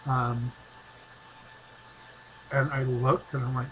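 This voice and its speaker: Soft-spoken middle-aged man telling a story. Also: medium pitch, level tone, slow pace, muffled recording, a little hiss or hum. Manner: rambling, hesitant, soft-spoken. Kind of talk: casual personal storytelling.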